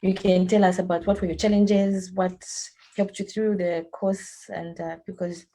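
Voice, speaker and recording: Gravelly-voiced woman asking rambling questions. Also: medium pitch, flat delivery, normal speed, mellow. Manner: rambling, searching for words. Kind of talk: casual Q&A interviewing.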